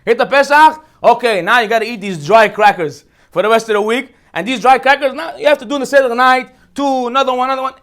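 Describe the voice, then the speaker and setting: Man, rabbi, humorous religious lecture, very high voice, quick pace. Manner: animated storytelling, rhetorical questions. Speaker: rabbi teaching a holiday class.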